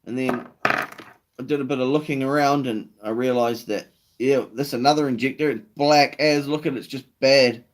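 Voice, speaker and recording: A man's voice: medium pitch, fairly even intonation, moderate pace. A man with a New Zealand accent hosting a casual live stream, laid-back, swearing freely and answering viewer comments.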